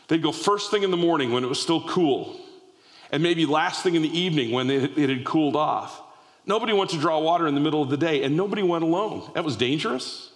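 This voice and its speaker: A male preacher tells a story in an animated sermon, often restarting his phrases. His voice sits fairly high for a man. A long reverb tail from a large hall follows his words.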